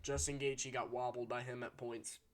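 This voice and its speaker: A man runs his own MMA fight-prediction channel, giving casual solo commentary in a mid-range voice with a level tone at a moderate pace. He is opinionated and swears, restarting sentences as he gets fired up, and he is hiccuping throughout.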